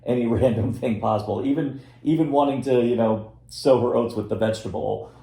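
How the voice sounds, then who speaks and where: This film podcast co-host has a mid-range voice that's gravelly and dark, moving fairly quickly. His casual reviewing talk wanders, full of restarts, and the room it's recorded in is echoey.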